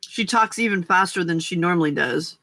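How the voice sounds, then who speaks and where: A woman's voice: lowish voice, a little fast, a bit bright, no echo. An older woman hosting a casual late-night crafting livestream, chatting and laughing often as she answers viewers' comments. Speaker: livestream host.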